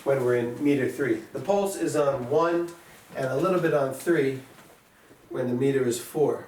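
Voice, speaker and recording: A man's voice: mid-range voice, lively intonation, moderate pace. Man teaching music in an echoey room. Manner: patient, sounds out beats and counts aloud. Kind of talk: classroom music lesson. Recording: echoey room, voice from a distance, faint noise.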